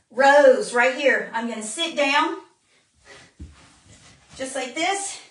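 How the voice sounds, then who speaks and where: A woman's voice: sits high, fairly bright tone. Breathless woman coaching a home workout. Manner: coaching while exercising, counting reps. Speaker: fitness instructor. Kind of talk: live workout demonstration. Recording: roomy, distant phone-camera sound.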